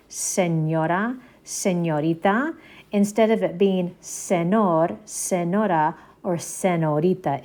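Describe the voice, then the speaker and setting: A woman's voice: medium pitch, warm tone. A woman teaching a Spanish alphabet lesson, saying each letter twice and explaining its sound step by step. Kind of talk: slow, patient alphabet lesson.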